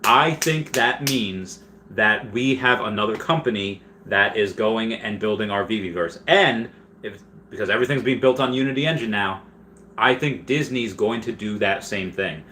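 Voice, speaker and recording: A man's voice: on the low side, moderate pace, bright, forceful tone, slight background noise. A man hosting a casual live stream, reading chat questions aloud and rambling through answers with frequent restarts.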